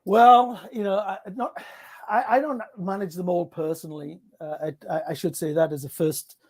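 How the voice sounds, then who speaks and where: A man's voice: sits high, fairly even intonation, normal speed. A man with a Northeast English accent, a guest in a conversational interview, speaking in a hesitant but good-humored way and often repeating his words. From Northeast England.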